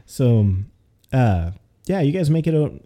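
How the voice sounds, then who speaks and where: A man narrating a tabletop game as its game master, easygoing and full of casual fillers. His voice is very dark and mellow, and he paces the scene descriptions at a relaxed clip. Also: mid-range voice, unhurried.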